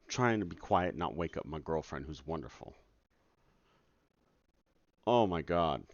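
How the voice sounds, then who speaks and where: Low-voiced, animated, profane game-dev streamer. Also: male voice, fast, gravelly, no room sound. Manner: exasperated, profane and sarcastic; talks to his audience while working. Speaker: game developer streaming his work. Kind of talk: casual live-stream commentary. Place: at home at night. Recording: dull lo-fi sound.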